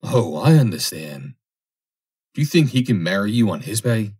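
Man playing a possessive, bitter suitor, husky voice with big swings. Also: fairly low pitch, sing-song, moderate pace, a little mellow. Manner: pleading and bitter. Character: jealous, possessive young man, obsessive suitor.

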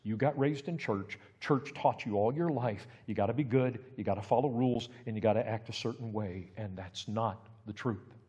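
A male pastor preaching a sermon, building from steady talk to loud, emphatic peaks. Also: fairly low pitch, moderate pace, hardly any pauses, husky. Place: church sanctuary. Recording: reverberant church hall.

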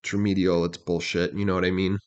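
Low-voiced man breaking down rap lyrics. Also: level tone. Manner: explains lines step by step, often asks "right?" and "you know what I mean?"; reads quoted lyrics slowly and deliberately. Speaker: reaction channel host.

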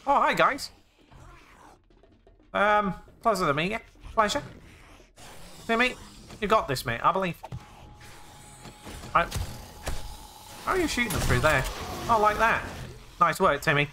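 A young man playing a zombie game, excitable and jokey, narrating his actions with "I said". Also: high-pitched, unhurried, long pauses, a little hiss or hum. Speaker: gaming YouTuber.

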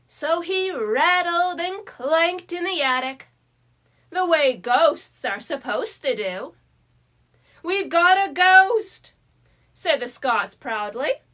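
A woman reading a children's story aloud in a slow, careful way. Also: extremely high pitch, sharp tone.

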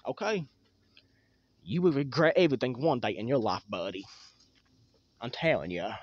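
A man ranting straight at his viewers, confrontational and goading. His voice is husky and breathy with lively rises and falls, and the sound is dry and close. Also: medium pitch, moderate pace, no room sound, lo-fi sound. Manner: confrontational, provoking. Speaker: channel creator.

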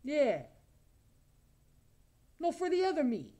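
A man's voice: extremely high pitch, wildly swooping pitch, slow, warm tone, heavily acted. A man voicing a crude, lonely, self-admiring male creature with razor teeth, taunting strangers in an improvised comedy video chat. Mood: mocking.

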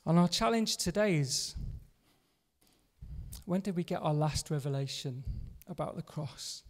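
A man preaching a sermon in church, earnest, repeating a solemn refrain and often dropping to a softer voice. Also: a little high, animated, a little slow. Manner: earnest, repeating a refrain with drops to a soft hush. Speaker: pastor. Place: church hall. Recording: long reverb of a church hall.

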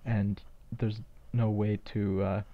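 A man's voice: fairly low pitch, flat delivery, slow pace, dull audio. A man casually commentating a playthrough of a game he made, with offhand, self-mocking asides. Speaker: game creator commentating his own game.

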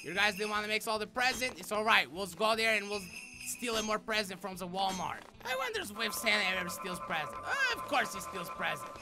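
A man giving excitable game commentary in deliberately broken English, often shouting and swearing, with music playing under his voice. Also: high-pitched. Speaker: gaming commentator. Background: background music.

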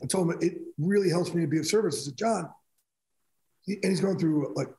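This middle-aged man's voice leans high, with vocal fry and a fairly quick pace. He's a sports broadcaster guest in a casual interview, telling stories and animatedly acting out quoted conversations. The recording has an echoey room sound.

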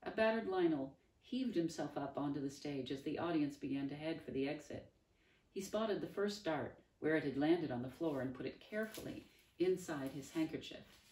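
A woman reading a novel aloud in a calm, measured way. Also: deep voice. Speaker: storyteller. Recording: roomy, distant mic.

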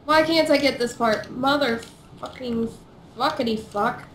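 A woman with a high voice and slow, drawn-out delivery mocks her friend while playing. She curses freely and jokes around. She sounds like she is in an echoey room with faint noise behind. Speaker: gaming co-player. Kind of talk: casual gaming chat.

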